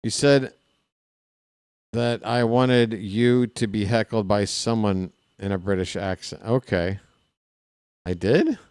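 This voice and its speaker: A man calling a baseball game live in a casual play-by-play style, chatty and candid, drifting into personal asides between the pitches. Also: slow, long pauses, darkish tone, smooth, dry recording, clean studio sound. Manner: candid and self-deprecating. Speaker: play-by-play announcer.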